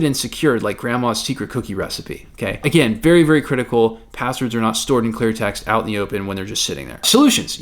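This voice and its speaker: A man, a compliance consultant, explaining security rules in a conversational video with frequent jokes and asides. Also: mid-range voice. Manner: joking, conversational.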